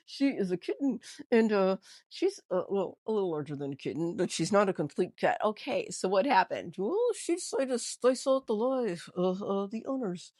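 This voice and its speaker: Lively, chatty woman ventriloquist host. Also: medium pitch, moderate pace, hardly any pauses, dry recording. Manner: chatty, rambling, with many restarts. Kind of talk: casual comedic news recap.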